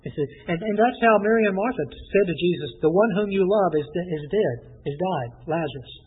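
A man preaching verse by verse, halting often and repeating words with many fillers. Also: high-pitched, expressive, slightly rough. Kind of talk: expository sermon. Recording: echoey hall, tinny phone-like sound.

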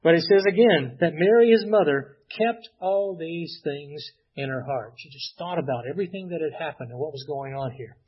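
A man preaching a sermon, retelling a Bible story in an unhurried way with many pauses and "uh"s. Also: fairly high pitch, slightly rough. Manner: unhurried storytelling, frequent "uh" and restarts. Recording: dull lo-fi recording.

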